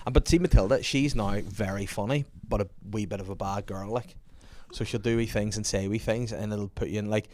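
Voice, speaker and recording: A man, hosting a casual podcast and telling animated, sweary stories about his kids with frequent laughter. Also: fairly low pitch. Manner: animated storyteller, laughs often, swears freely. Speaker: podcast host. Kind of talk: casual chat.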